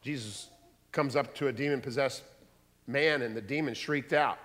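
A man preaching a sermon, animated and acting out voices from the scripture he reads. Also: mid-range voice, normal speed. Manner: animated, acts out voices in quotes. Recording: long hall reverb.

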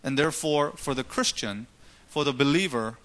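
A man's voice: mid-range voice, moderate pace, fairly bright tone. A man preaching a sermon, asking rhetorical questions and retelling scripture stories dramatically. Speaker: pastor.

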